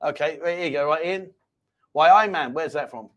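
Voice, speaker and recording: A man's voice: fairly high pitch, quick pace. A man hosting a casual live-stream chat show from a small home studio, jokey and rambling as he reads out viewer comments. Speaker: host.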